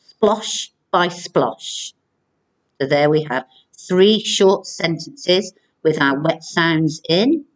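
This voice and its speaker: Woman teacher, low-ish voice, very unhurried, clear and encouraging video lesson for young pupils. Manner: slow, clear, encouraging classroom delivery. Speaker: primary school teacher.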